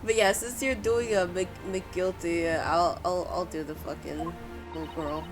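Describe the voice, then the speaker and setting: Casual woman gamer, lower voice, blunt, clear music underneath. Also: steady tone, normal speed. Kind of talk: casual gaming chat.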